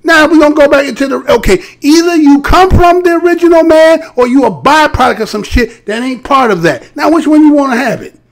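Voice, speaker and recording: A man's voice: very high-pitched, expressive, fairly quick, few pauses. A man hosting a live stream, giving heated, profane commentary and mocking voices. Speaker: live show host.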